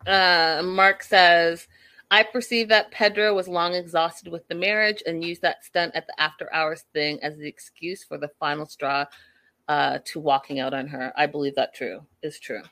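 A woman's voice: low voice, steady tone, normal speed, sharp tone, no echo. A woman, casually recapping a reality show and giving her opinions as she retells the scenes. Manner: chatty, opinionated, retelling scenes in quoted dialogue.

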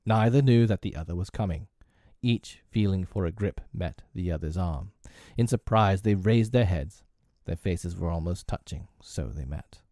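A man narrating a storybook in an expressive, dramatic reading style. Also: fairly low pitch, no echo, studio quality. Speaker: audiobook narrator.

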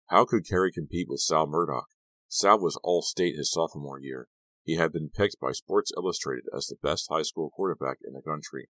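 Very deep-voiced male audiobook narrator. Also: fairly bright tone, dry recording. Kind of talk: scripted narration.

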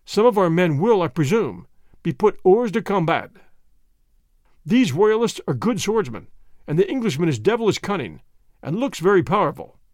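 A man's voice: high voice, sing-song, moderate pace, a little mellow, dry recording, clean studio sound. A man voicing a stern, cunning official who gives orders and threats in a cold, commanding way.

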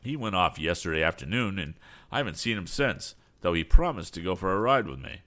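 A man's voice: deep voice, lively intonation, brisk, sharp tone. A man reading an audiobook, voicing a polite, persuasive male business agent. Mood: coaxing. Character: smooth persuasive middle-aged male agent.

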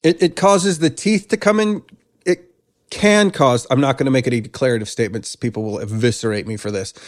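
A man working as a breathwork coach, talking casually in an interview, animated and self-deprecating with frequent restarts. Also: medium pitch, a little fast.

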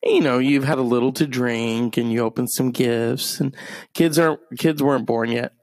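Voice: medium pitch, normal speed, darkish tone, no echo. A streamer rambling through a profane, meandering story in a casual monologue.

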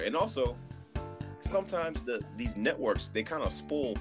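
A man in casual podcast chat, animated and emphatic, often restarting his sentences. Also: mid-range voice, measured pace, music in the background. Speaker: podcast guest.

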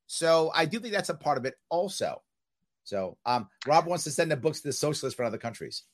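A man's voice: fairly high pitch, brisk. A man hosting a podcast interview, talking casually and with strong opinions, often checking in with "right?". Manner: animated, opinionated, repeats "right?". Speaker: podcast host.

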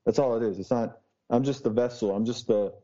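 Man, brash and profane, rambling stories, dark tone, muffled lo-fi sound. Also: mid-range voice, steady tone, fairly quick. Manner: brash, swears a lot, rambling storytelling. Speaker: podcast guest, street DJ. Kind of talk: casual chat. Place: Boston.

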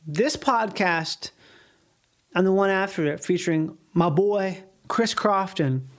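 A man's voice: sits high, takes it slowly. A man hosting his own podcast in a casual solo monologue, rambling and swearing freely with frequent chuckles. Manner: rambling, profane, laughs between phrases. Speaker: podcast host.

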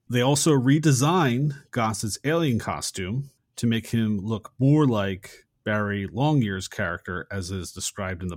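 A man with a fairly low voice co-hosts a movie podcast in a relaxed, conversational way. He often stops to weigh different versions of the facts. The sound is dry and close, with no room echo. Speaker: podcast co-host. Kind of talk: casual movie podcast chat.

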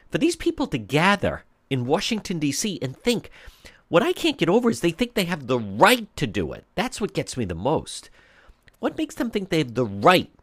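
Talk radio guy ranting, pitch all over the place, dry close mic. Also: dry recording. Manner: indignant, rhetorical questions, mocking mimicry. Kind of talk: opinionated talk radio monologue.

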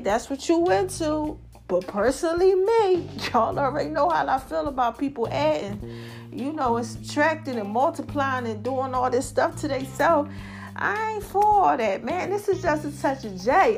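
A woman hosting her own podcast in a casual monologue, chatty and animated, laughing often and calling her listeners y'all and baby. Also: high voice. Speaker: podcast host.

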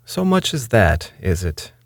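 A man voicing a composed pirate captain who speaks in a polished gentleman's manner. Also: low voice, animated, moderate pace, dry recording, studio quality. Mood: cool, courtly. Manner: polished gentleman's speech, unflustered. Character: cool, genteel male pirate captain.

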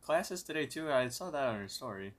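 A man co-hosting a podcast in casual chat, upbeat and quick to react. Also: medium pitch, expressive, a bit bright. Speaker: podcast co-host.

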